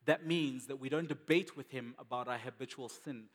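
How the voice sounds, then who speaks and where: A man's voice: mid-range voice, moderate pace, long reverb tail. A man preaching a sermon as a pastor, conversational and emphatic, repeating key words for weight.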